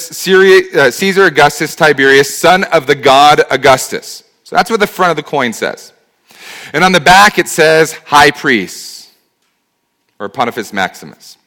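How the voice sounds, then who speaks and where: A man's voice: sits high, sharp tone. A man preaching a sermon as pastor, speaking conversationally and asking rhetorical questions.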